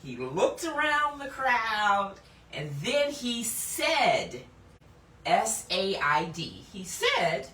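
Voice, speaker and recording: A woman hosting a casual Bible lesson, laughing often and slowing down to read scripture with emphasis. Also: medium pitch, very animated, a bit bright. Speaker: Bible teacher and host. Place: indoor room. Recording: echoey room, mic at a distance, faint background noise.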